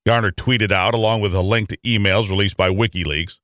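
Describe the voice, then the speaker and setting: A man's voice: on the low side, steady tone, brisk, bright, forceful tone, dry recording, clean studio sound. A middle-aged man from Michigan hosting a talk radio show, chatting in a rambling, conversational way full of fillers.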